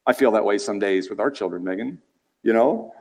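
A male preacher giving an expository sermon in a conversational, animated way, asking the listeners rhetorical questions. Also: fairly low pitch, fairly quick. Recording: reverberant hall.

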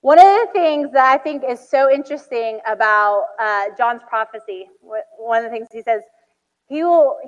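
A high-pitched woman in her thirties preaches in a casual, story-driven way, full of "like"s and acted-out quotes. Her voice carries a long hall reverb, and the recording sounds muffled. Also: animated, moderate pace. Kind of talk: sermon.

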